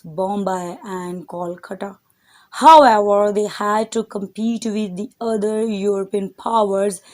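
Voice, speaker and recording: Slow-reading woman teacher. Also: medium pitch. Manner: reads text aloud, then explains words; addresses her students directly. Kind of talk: textbook reading and explanation.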